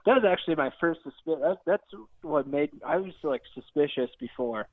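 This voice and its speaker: A man talking as a guest in a casual, relaxed, somewhat hesitant way. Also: fairly high pitch, fairly quick, crowd noise. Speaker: guest, former employee. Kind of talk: casual conversation. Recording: tinny phone-like call audio.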